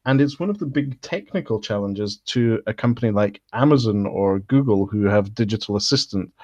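A man's voice: lowish voice, animated, normal speed, a little mellow, dry recording. A man hosting a podcast, explaining things in a matter-of-fact, casual way. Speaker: podcast host. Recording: dry lo-fi audio.

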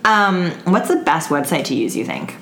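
A woman with a very deep voice hosts a relaxed chat, asking easy questions. The room around her is echoey. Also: normal speed. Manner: easygoing, asks questions, short agreeing replies. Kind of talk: casual chat.

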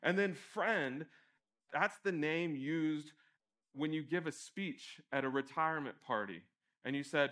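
A young man preaching a sermon in a conversational, self-deprecating way, acting out calls and shouts with lively energy. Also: a little high, a little slow. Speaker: pastor.

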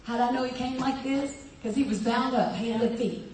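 A woman pastor delivers a sermon, acting out the voices in her story and laughing as she goes. Her voice sits a little high, and it reaches the mic from across a very echoey hall. A faint ambient hum carries underneath. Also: normal speed, far from the mic. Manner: animated storytelling preacher, acts out voices, laughs often. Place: church hall with a congregation.

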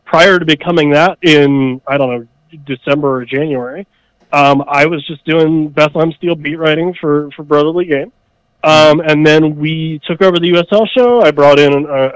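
A man's voice: fairly high pitch, fairly even intonation, normal speed, smooth, no room sound, rough recording. A man as a podcast guest, talking wryly with lots of ums and restarts. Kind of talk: casual podcast chat.

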